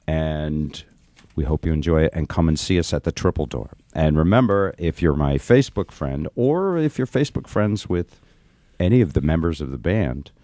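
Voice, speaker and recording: Deep-voiced male radio host. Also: animated, normal speed, mellow, no room sound. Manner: prompting, wrapping up with promos. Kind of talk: casual radio chat.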